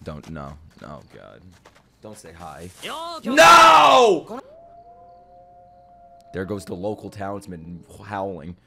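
A young man reacting to an anime in casual, profane, jokey commentary, loud and excitable. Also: low voice, measured pace, vocal fry.

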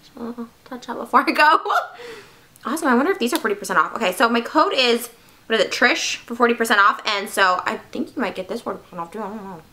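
A young woman vlogging an unboxing in a bubbly, excitable, gushing way. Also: fairly high pitch, quick pace. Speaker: beauty vlogger. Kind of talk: casual unboxing vlog.

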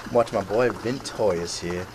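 A man's voice: fairly low pitch, moderate pace, noisy background. A man giving casual spoken commentary over gameplay footage.

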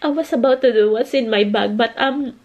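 A woman in her thirties vlogging casually to her viewers, halting and emotional, close to tears. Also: a little high, darkish tone, dull audio. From United Kingdom. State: crying. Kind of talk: casual family vlog.

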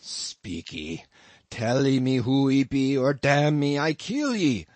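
A menacing cannibal harpooneer growls out clipped broken English in a deep guttural rasp, as a man reading an audiobook puts him on. The timbre is strange and set apart from the narration. The sound is dry and close with no room around it. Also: lively intonation, a little slow, no echo. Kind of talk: audiobook character voice.

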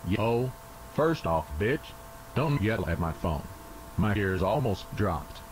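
A synthetic man's voice playing a protective, foul-mouthed father in a cartoon, flat delivery. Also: on the low side, slow, slight background noise, low-quality recording. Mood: stern.

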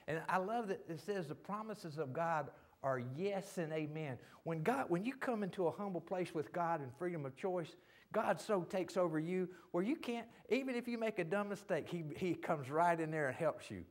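A man's voice: high voice, animated, normal speed. A man with a Southern US accent preaching a sermon in a church, folksy and fervent, often saying hallelujah and amen. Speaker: pastor. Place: church sanctuary.

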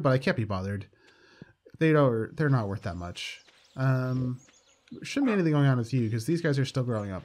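A man's voice: a little high, a bit bright. A man casually commenting on his gameplay, upbeat and chatty with dry sarcastic asides. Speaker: let's play host.

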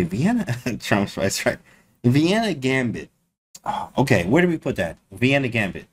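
A man streaming casually to his chat, slangy and animated, repeating his phrases. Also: fairly low pitch, normal speed. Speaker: chess streamer.

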